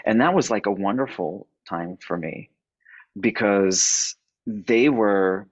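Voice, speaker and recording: A man telling a personal story, halting and repeating words as he goes. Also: lowish voice, no echo, lo-fi sound. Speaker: podcast guest.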